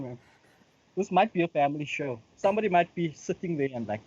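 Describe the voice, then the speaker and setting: A man's voice: fairly high pitch, expressive, quick pace, darkish tone, husky, lo-fi sound. A comedian guest bantering on a live stream, teasing the host and repeating his punchlines.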